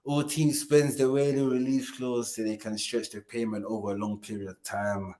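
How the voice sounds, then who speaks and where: A man's voice: lowish voice, little pitch movement, moderate pace, warm tone. A man co-hosting a casual live stream about football. He jokes, laughs a lot, repeats phrases and urges viewers to like and subscribe. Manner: hypes viewers and asks them to like and subscribe. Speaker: co-host of a fan channel stream.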